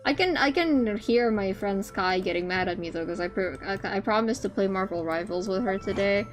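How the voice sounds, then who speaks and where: A woman's voice: mid-range voice, expressive, normal speed. A woman live-streaming a game, chatting to her viewers in a rambling, chatty way and squealing when startled. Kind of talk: casual live-stream chat. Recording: game music behind the voice.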